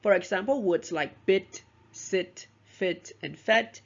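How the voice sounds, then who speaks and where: Teacher narrating a lesson, gravelly tone, dull lo-fi sound. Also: mid-range voice, slow pace. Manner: explanatory, modelling words aloud, self-correcting. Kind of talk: recorded lecture explaining pronunciation.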